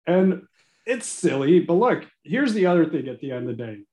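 This attorney, a man in his forties, talks a little high and fairly quickly as a guest in a candid podcast interview. He's earnest, frank, and animated, cursing now and then, and the room around him echoes.

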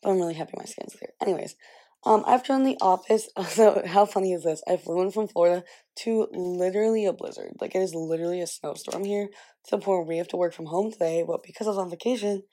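A woman's voice: fairly low pitch, fast, dark tone. A young woman in her twenties chatting casually to camera at home while getting ready, rambling with lots of "like". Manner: chatty, rambling, heavy use of "like". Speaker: vlogger. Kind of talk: casual chat.

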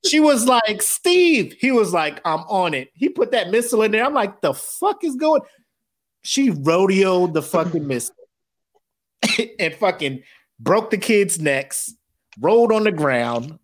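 Animated profane man riffing. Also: high voice. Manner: animated, profane, acts out scenes in quick voices. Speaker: podcast co-host. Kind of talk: casual chat.

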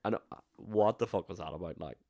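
Young man, lowish voice, dry close mic, sweary and laughing. Casual podcast co-host. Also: brisk, vocal fry, dark tone, no echo. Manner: swears a lot, laughs while telling stories. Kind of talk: casual chat.

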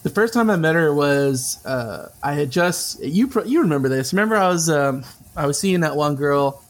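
A man with a slightly high voice tells a personal story as an interview guest. He is lively and laughs easily. He acts out the voices of the people in the story. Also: normal speed.

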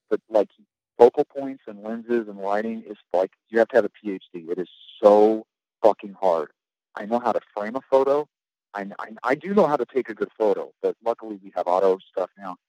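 A man's voice: fairly low pitch, dark tone, no room sound, highs cut off. A man telling rambling, profane stories about his navy days in a casual podcast chat, often restarting his sentences. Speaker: guest, navy veteran.

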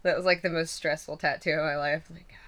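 A woman's voice: deep voice, fairly even intonation, brisk, crowd noise. A woman in her twenties chatting casually as an interviewee, rambling with lots of fillers and frequent laughter. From western Pennsylvania. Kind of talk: casual chat.

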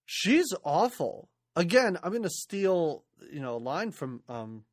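A woman's voice: on the low side, big pitch swings, unhurried, darkish tone, dry recording. A woman co-hosting a casual movie podcast, wry and incredulous, often laughing as she talks. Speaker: podcast co-host.

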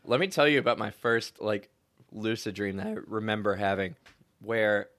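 A young man telling stories in casual chat, slangy and animated, acting out what he said with big bursts of excitement. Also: lowish voice, moderate pace. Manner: animated storyteller, slangy, acts out quotes loudly.

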